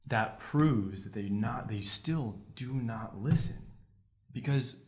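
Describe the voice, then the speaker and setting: A man's voice: mid-range voice, slow pace. A young man, a trial lawyer guest on a podcast, telling courtroom stories with energy. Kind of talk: conversational podcast interview.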